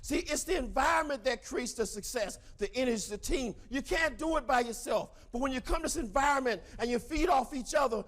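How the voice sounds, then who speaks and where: A middle-aged man giving a fiery, preacher-like motivational speech to a crowd, breaking into shouts. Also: very high-pitched. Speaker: motivational speaker.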